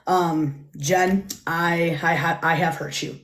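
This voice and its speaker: Woman, earnest apology, halting delivery, lowish voice, roomy sound. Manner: halting, repeats herself, calm and earnest. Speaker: livestream guest. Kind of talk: public apology on a livestream.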